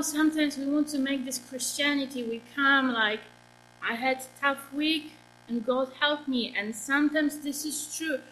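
Slow, high-voiced woman preaching. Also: a bit bright, a little hiss or hum, rough recording. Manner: earnest, asks the congregation questions. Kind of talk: sermon.

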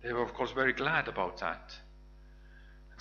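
A man's voice: mid-range voice, moderate pace, creaky, pauses often, sharp tone, muffled recording, a little hiss or hum. A man giving a Bible teaching sermon, retelling scripture in a reflective storytelling way with small restarts. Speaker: preacher.

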